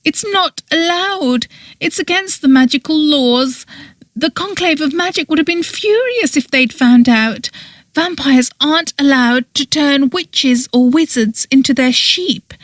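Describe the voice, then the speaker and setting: A woman's voice: sits high, lively intonation, a little slow, no room sound, voice pushed up. A woman voicing a tearful, pleading young woman. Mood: insistent. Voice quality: small, wavering voice. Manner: pleading, near tears, rising to a wail. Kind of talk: audiobook character voice.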